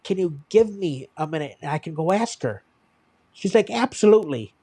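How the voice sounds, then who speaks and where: A man tells work stories on a livestream, playing out each person's lines as he goes. His voice sits a little high, and its mellow tone softens the telling. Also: normal speed, breathy edge, no echo. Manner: animated anecdote telling, acting out other people's lines. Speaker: streamer. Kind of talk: casual storytelling on a livestream.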